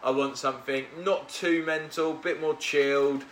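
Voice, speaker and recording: A man's voice: mid-range voice, steady tone, normal speed, roomy sound, slight background noise. A man hosting a podcast, chatting casually with his mates and telling self-deprecating stories. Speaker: podcast host.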